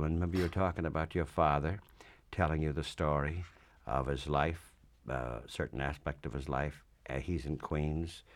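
A man hosting a broadcast interview, speaking haltingly with restarts and fillers. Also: rumbling low. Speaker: radio host.

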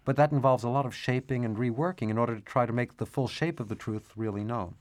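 A man's voice: medium pitch, steady tone, fast, a little mellow. A man, an author and cartoonist, talking thoughtfully about his work in an interview, with hesitant restarts. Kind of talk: interview, reading his book aloud.

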